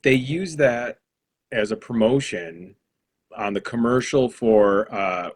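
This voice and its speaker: A man in his thirties, a guest on a casual livestream chat, talking in a relaxed, rambling way with fillers. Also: mid-range voice, slow pace, slightly rough. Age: 30s.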